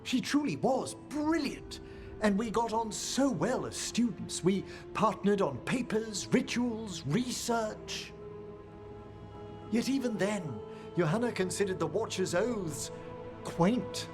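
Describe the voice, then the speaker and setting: A posh old death-magic scholar in a game, high voice swinging all over, formal and measured. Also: male voice, expressive, music in the background. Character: refined older male scholar of death magic, courteous. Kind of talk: video game dialogue.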